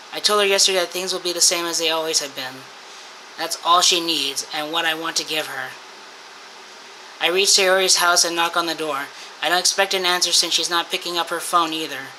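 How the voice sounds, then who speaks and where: A woman's voice: fairly low pitch, a little hiss or hum. Woman host reading a visual novel aloud. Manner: reads game text aloud, breaking off into shaken swearing. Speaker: gaming channel host. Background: loud game music.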